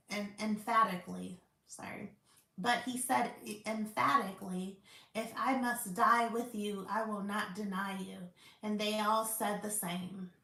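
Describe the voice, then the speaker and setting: A woman hosting a Bible study, reading scripture aloud carefully and deliberately, now and then stumbling over a word and correcting herself. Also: medium pitch, a bit bright. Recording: roomy echo.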